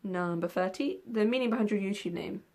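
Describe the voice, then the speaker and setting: A young book vlogger rambles through a casual tag video, her mid-range, darkish voice fairly quick. She fills it with lots of ums and the odd yawn.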